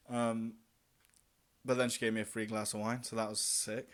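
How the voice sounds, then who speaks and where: A man's voice: lowish voice, level tone, normal speed, long pauses, smooth. A young man vlogging about solo travel, telling a story in a casual, chatty way, swearing freely and acting out his own remarks.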